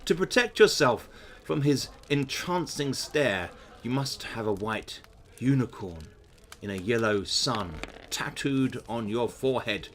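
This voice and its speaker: A man voicing a stern, tired old male wizard in a calm, measured way. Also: medium pitch, slight background noise. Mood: weary, calm. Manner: calm, slow, measured reading.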